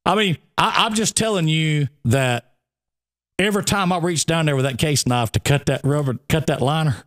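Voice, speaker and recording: A man's voice: a little high, moderate pace. A man, co-hosting a radio show and telling a long funny story in casual chat, often breaking into laughter. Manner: animated, laughing storyteller with a Southern drawl.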